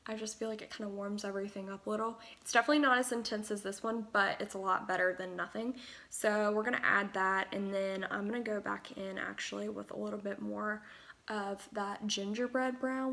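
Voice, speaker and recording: A woman's voice: medium pitch, gravelly, fairly bright tone. A young woman talking through a makeup tutorial at home in a chatty, rambling way, full of fillers and asides. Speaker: beauty vlogger.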